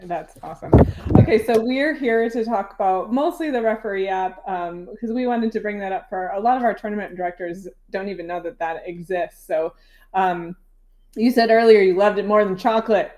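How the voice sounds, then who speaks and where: Hosting an interview, a woman asks questions and walks through an app in a chatty, informal way, using fillers like "um" and "like." Her mid-range voice is mellow, with a little hiss or hum in the audio.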